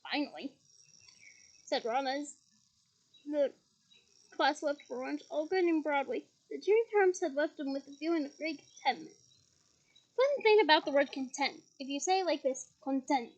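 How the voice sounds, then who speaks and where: Woman reader, high voice, chatty asides, lo-fi home recording. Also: a little fast. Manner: breaks off with chatty asides and laughs at slips. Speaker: audiobook reader. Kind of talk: reading a novel aloud.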